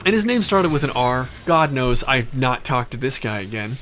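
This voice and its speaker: A young man telling a story in a casual, animated way, full of fillers and restarts. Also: mid-range voice, normal speed, slight background noise. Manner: animated, chatty, many fillers.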